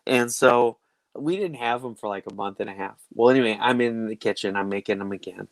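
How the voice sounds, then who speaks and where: A man in his thirties with a lowish voice tells family stories on a casual podcast chat. He talks in an animated way and jumps into different voices when he quotes his kids. The sound is dry and close to the mic. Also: a little fast, vocal fry, dry recording, low-quality recording. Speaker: podcast host.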